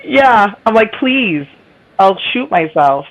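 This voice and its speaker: A woman with a Boston accent and a raspy, nasal voice, rambling in casual chat. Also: medium pitch, sing-song, takes it slowly, low-quality recording. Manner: rambling, self-deprecating, laughs often. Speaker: livestream guest.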